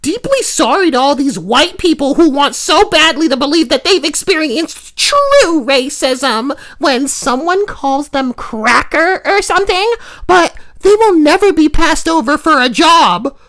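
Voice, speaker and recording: A man reading out a post in a high mocking falsetto as a prim, scolding woman. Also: big pitch swings, a little slow, sharp tone, full character voice.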